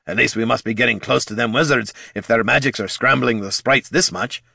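A man voicing a gruff, battle-hardened male dwarf who talks bluntly and sarcastically. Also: medium pitch, a little fast, bright, forceful tone, no room sound, studio quality, pitched above the performer's own voice, exaggerated voice.

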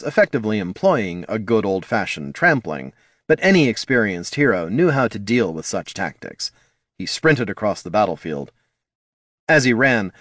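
A man narrating a fantasy audiobook in a measured storytelling manner. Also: lowish voice, no echo, clean studio sound. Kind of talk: scripted narration.

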